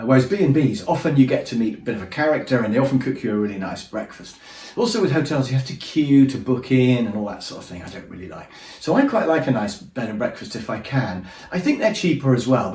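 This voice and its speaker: A man's voice: mid-range voice, a little mellow. A man telling his travel stories in a chatty, self-deprecating way, acting out the funny moments. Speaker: storyteller. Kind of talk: casual anecdote telling. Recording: echoey room, voice from a distance.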